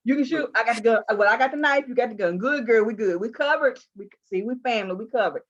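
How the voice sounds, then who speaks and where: A woman interviewing a guest, telling personal stories in an animated, emphatic way with playful asides. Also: a little high, fast, dull audio. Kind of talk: candid conversational interview.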